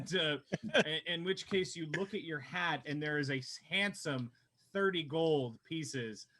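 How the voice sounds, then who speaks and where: A man's voice: on the high side, a little slow, bright, forceful tone. A man narrating as game master of a tabletop game in a casual, rambling way, full of fillers. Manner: casual, rambling, many fillers, laughs at his own jokes.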